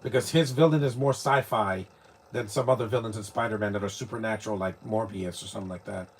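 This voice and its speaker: A man's voice: on the low side, quick pace, slightly rough. A man from New York, giving rambling, opinionated live commentary while watching a movie, often restarting his sentences. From New York, United States.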